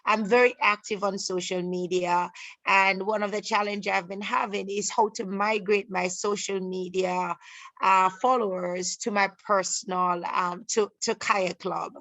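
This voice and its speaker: A middle-aged Jamaican-accented woman chats casually on a video call, halting often, restarting sentences and using fillers. Her mid-range voice holds a steady, slightly bright tone with no room sound.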